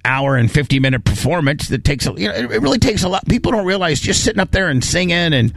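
A man's voice: a little high, big pitch swings, fast, creaky, fairly bright tone, no room sound. A man hosting a talk radio show, chatting loosely with many fillers and jokes. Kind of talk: casual talk radio banter.

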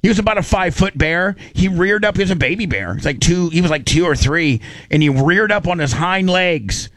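Chatty male radio host, animated stories, dry close mic. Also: high voice, a little fast, dry recording. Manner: animated, excitable, many restarts. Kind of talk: casual storytelling chat.

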